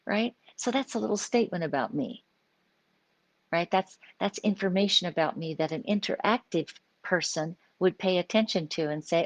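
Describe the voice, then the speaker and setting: A low-pitched older woman talks through ideas on a home live stream, keeping it conversational and often checking that the listener follows. Her voice is close and dry, with no room sound around it. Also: brisk, no room sound. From US Pacific Northwest. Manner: conversational, explaining with frequent "right?" check-ins. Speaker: psychologist hosting a live stream. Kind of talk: informal live-stream talk.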